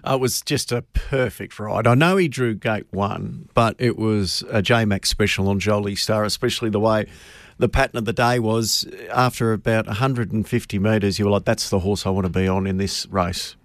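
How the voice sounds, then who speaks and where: A man's voice: on the low side, normal speed, no room sound, studio quality. A man hosting a racing radio show, upbeat as he introduces a guest. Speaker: radio host. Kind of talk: racing talk chat.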